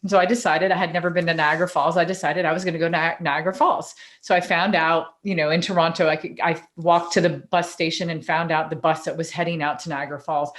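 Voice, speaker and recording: A woman co-hosting a podcast, telling a personal story in a chatty, animated way. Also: lowish voice, fast, few pauses. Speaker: podcast co-host and coach. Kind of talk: casual storytelling in conversation.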